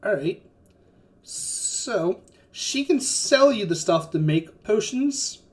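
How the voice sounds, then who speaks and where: A man's voice: high voice, expressive, takes it slowly. A man running a tabletop game as game master, narrating casually with lots of fillers and swearing. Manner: rambling, filler-heavy, casual cursing.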